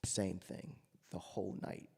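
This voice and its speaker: A man's voice: a little slow, big-room sound. A man, a jazz trumpeter, telling anecdotes to an audience and acting out the voices he quotes. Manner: storytelling, acts out quoted voices loudly.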